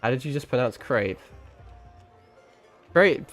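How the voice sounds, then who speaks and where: A British man streaming a game, his accent mixed with American and South African hints. He rambles playfully, swears often and breaks into laughs, his voice bouncing lively up and down at a middle pitch. Faint game music plays underneath. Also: slow pace. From Britain. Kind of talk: casual game stream chat.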